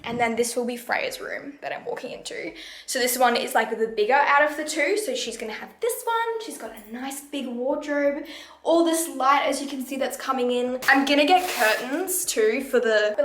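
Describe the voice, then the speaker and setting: A woman's voice: fairly high pitch, fairly bright tone, slight background noise. A young Australian woman chatting casually through a house-tour vlog, bubbly and full of "like". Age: young adult. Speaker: vlogger. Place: empty house, indoors, walking room to room. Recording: echoey bare rooms.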